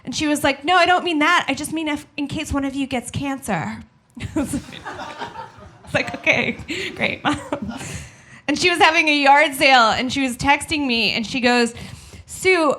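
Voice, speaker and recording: A woman's voice: high voice, a bit bright. A young woman doing a stand-up comedy set in a small studio, chatty and self-deprecating, acting out the voices of people she quotes. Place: small studio with live audience.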